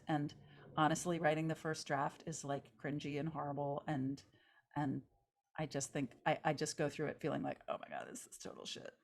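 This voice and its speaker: Woman with a low voice chatting loosely about writing, tons of "like"s. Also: darkish tone. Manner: rambling, many "like" fillers, laughs often. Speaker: podcast co-host, novelist. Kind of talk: casual chat.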